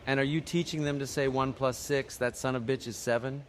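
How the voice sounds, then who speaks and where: A man's voice: medium pitch, steady tone, a little fast, slight background noise, natural voice. A man voicing an indignant mother who demands answers.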